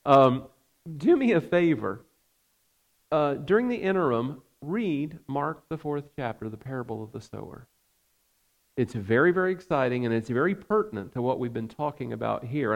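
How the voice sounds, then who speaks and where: Male pastor, sermon, mid-pitched gravelly voice, earnest and unhurried. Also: lo-fi sound. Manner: earnest, measured preaching with frequent fillers.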